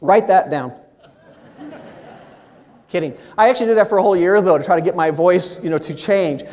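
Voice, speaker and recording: A man giving a keynote speech at a meeting, with lively, shifting inflection. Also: sits high, fairly quick. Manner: animated, expressive inflection. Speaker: motivational speaker. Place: large meeting hall. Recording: long hall reverb.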